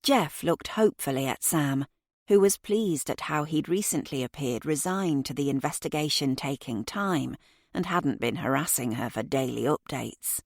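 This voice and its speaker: A woman narrating a mystery audiobook in a steady, even way. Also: low-pitched, normal speed, no echo, clean studio sound.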